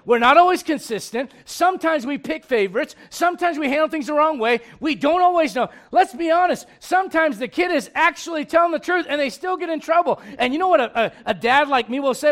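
A middle-aged male pastor preaching a sermon in a humorous, conversational way, swinging from loud bursts to hushed lines. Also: extremely high pitch, animated, fairly quick.

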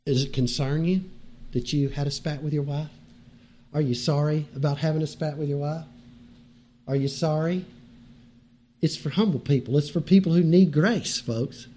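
A man preaching as pastor, earnest and exhorting, moving between loud and hushed passages. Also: on the high side, expressive, normal speed, slight background noise. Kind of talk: sermon.

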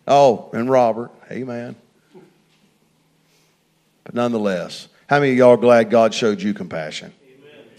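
A middle-aged man preaching a sermon, telling a personal story and swinging from hushed asides to loud, fervent passages. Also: mid-range voice, moderate pace, long pauses.

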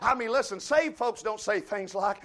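A male preacher delivers a fiery revival sermon, his voice pitched very high for a man. He shouts his lines, and drawn-out "uh"s fill the gaps between them. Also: animated. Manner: shouting, with frequent drawn-out "uh" fillers.

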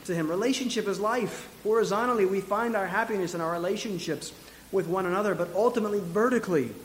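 A man preaching a sermon as pastor, earnest and exhorting, with quick asides and restarts. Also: high voice, slight background noise. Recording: long hall reverb.

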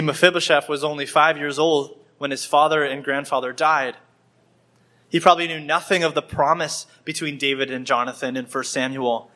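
A man preaches a sermon in church, his voice bright and forceful and sitting a little high. He acts out the scenes as he tells them, shifting his voice slightly and often repeating words as he goes. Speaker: pastor.

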